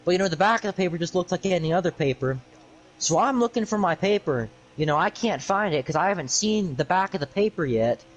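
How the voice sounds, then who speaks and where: Exasperated high-voiced young guy ranting. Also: animated, fairly quick, rough recording. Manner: exasperated, rambling, sarcastic. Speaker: streamer. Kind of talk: ranting storytime on a livestream.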